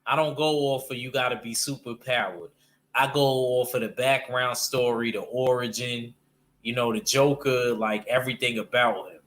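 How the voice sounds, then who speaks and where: A man's voice: mid-range voice, steady tone, moderate pace, a bit bright. A man chatting casually and animatedly about comics, using loose slang and restarting his sentences often. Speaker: panel guest discussing comics. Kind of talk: casual chat.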